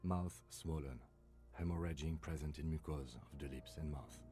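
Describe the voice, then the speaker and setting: A calm, clinical police lieutenant. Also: male voice, rumbling low, soft background music. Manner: clinical, measured, dry. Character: calm, methodical adult male police lieutenant.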